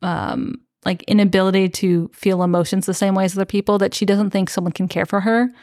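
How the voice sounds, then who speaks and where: A woman's voice: mid-range voice, level tone, fairly quick, darkish tone, no echo, studio quality. A young woman co-hosting a book podcast, casually recapping the plot with lots of fillers.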